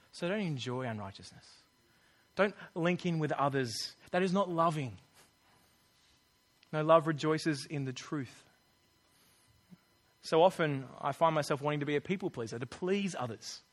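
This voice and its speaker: A man's voice: a little high, a bit bright. A man preaching a sermon in an earnest, conversational way. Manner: earnest, conversational, acts out quoted voices.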